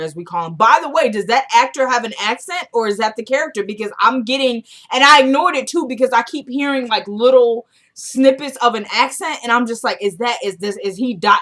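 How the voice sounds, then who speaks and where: A woman's voice: on the high side, fairly bright tone. Chatty opinionated woman vlogger. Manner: chatty, opinionated, slangy retelling. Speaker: TV recap vlogger. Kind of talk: casual episode recap.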